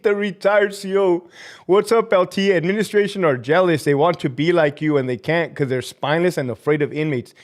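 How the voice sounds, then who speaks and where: Man, somewhat high voice; furious, foul-mouthed ex-prison guard on a livestream. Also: a little fast. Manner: profane, heated, ranting; drops Spanish slang into English. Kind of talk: livestream rant reading viewer comments.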